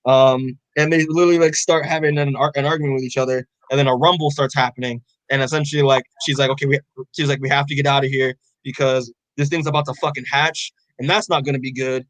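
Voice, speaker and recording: A man's voice: mid-range voice, steady tone, fast talker, a bit bright, no echo, low-quality recording. A young man co-hosting a podcast, casually recapping a comic in a rambling way full of fillers and swearing. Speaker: podcast co-host.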